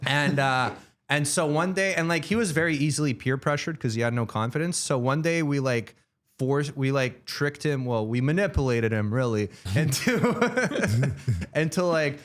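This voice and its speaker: A man's voice: mid-range voice, animated, moderate pace. A young man hosting a podcast, telling school stories in a rambling, profane, laughing way. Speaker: podcast host. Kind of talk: casual storytelling chat.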